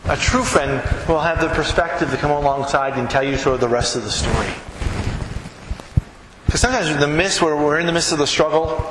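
Man preaching in an echoey church hall. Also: on the high side. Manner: earnest, conversational preaching with anecdotes. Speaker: pastor. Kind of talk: sermon. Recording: echoey hall with background noise.

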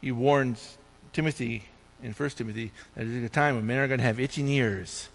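A male pastor delivering an animated sermon, his voice climbing high on points of emphasis. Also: moderate pace, gravelly. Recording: long hall reverb.

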